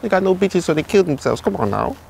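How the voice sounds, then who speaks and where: A man's voice: sits high, sing-song, quick pace, gravelly, darkish tone, a little hiss or hum, exaggerated voice. Man playing jittery Luigi. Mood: nervous. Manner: rambling, jokey, jumpy, keeps panicking. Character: jittery cowardly adult male plumber Luigi. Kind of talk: comedy skit role-play. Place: outdoors in a village.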